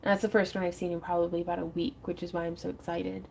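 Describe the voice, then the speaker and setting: This woman's voice is on the low side, gravelly and warm, with a level tone and fast delivery, plus a little hiss or hum. She's a chatty host running a casual crafting livestream from her front porch, talking while she works, greeting viewers by reading their comments aloud and laughing often. She sits close to the mic.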